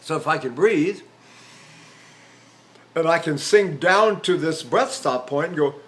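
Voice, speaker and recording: Older man, tenor voice teacher, high voice, very animated pitch, lecture with sung demos. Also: a little slow. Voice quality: trained tenor voice. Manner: demonstrates with sung syllables and vowels, talks with fillers and restarts. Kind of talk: vocal lecture with sung demonstrations.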